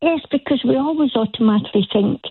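A Glasgow woman phones in to a radio show, her fairly high voice gravelly and husky. She chats warmly and laughs easily as she talks. The sound is thin and tinny, like a phone line. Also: quick pace, no echo. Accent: Glasgow Scottish. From Scotland. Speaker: caller. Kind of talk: casual phone-in call.

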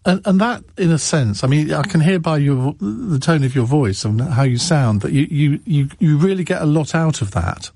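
A man's voice: fairly high pitch, lively intonation, normal speed, vocal fry, hardly any pauses, darkish tone, husky. A man hosting a radio phone-in, chatting casually with callers and stumbling over his words with frequent restarts and fillers. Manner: hesitant, many restarts and fillers. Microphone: studio microphone.

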